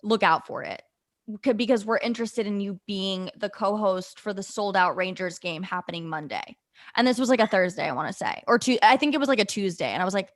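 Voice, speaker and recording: Young woman guest, animated storyteller who acts out the voices in her story, casual podcast chat. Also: medium pitch, a little fast. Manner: animated, acts out quoted dialogue with fillers. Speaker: podcast guest, former in-game host.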